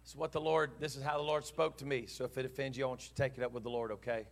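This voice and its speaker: A man's voice: medium pitch, flat delivery, racing, gravelly, a little hiss or hum. Earnest man preaching a sermon. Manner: earnest storytelling preacher, voices God and himself in dialogue. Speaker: pastor.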